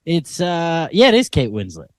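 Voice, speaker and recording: A man's voice: a little high, wildly swooping pitch, normal speed, dry recording, clean studio sound. A man co-hosting a podcast in casual chat, laid-back, laughing often and trailing off with fillers. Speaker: podcast co-host.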